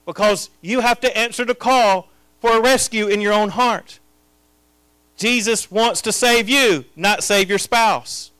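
A man preaching a sermon as pastor, his delivery swinging between hushed, intimate lines and loud, impassioned proclamations. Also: sits high, smooth, dry recording.

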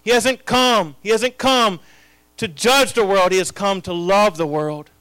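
A pastor delivers a sermon in a high, smooth, unhurried voice, shifting between quiet, intimate passages and loud, passionate proclamations. The recording has no echo.

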